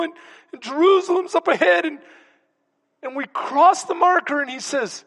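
Pastor guy preaching, high voice, tells stories with real emotion, long hall echo. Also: lively intonation, moderate pace, a bit bright. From Texas. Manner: storytelling, emotional, whispers for emphasis. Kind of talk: sermon. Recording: long reverb in a large hall.

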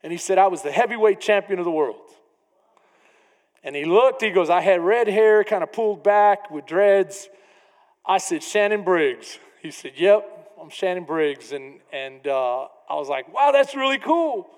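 A man preaching a sermon as pastor, building to shouted emphasis. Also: high-pitched, expressive, unhurried. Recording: long reverb of a large hall.

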